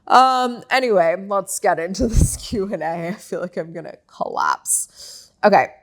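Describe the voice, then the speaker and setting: A young woman hosting her own podcast in a casual solo chat. She talks candidly and animatedly, with plenty of "like"s and loose swearing, at a middle pitch. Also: a little slow. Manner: candid and animated, swears freely, many likes. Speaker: podcast host.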